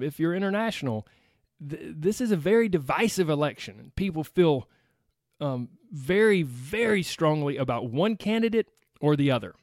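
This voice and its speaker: Man, Southern US accent, podcast host, chatty, upbeat, slightly high voice, dry close mic. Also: no echo. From United States. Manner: upbeat, chatty, laughs often, talks straight to listeners. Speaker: weight loss coach podcast host. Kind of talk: solo podcast monologue.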